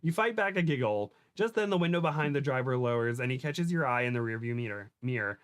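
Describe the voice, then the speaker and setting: A man hosting a comedy podcast, reading fan fiction aloud with stumbles, giggles and quick shifts into character voices. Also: medium pitch, expressive, clear, resonant tone.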